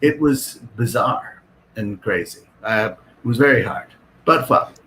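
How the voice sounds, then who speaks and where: Animated man telling anecdotes. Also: lowish voice, unhurried, rough recording. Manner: animated, self-deprecating storytelling. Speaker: guest actor. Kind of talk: casual chat.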